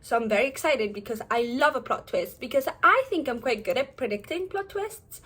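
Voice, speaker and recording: A young woman in her twenties chatting casually at home in a reading vlog, bubbly and animated. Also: fairly high pitch, a little fast, breathy edge. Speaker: book vlogger. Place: home, indoors.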